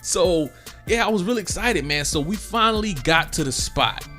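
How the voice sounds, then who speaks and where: A man's voice: high voice, expressive, normal speed, sharp tone, faint music behind. A young man telling a slangy story casually and acting out quotes. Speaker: gaming storyteller. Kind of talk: casual storytelling over gameplay.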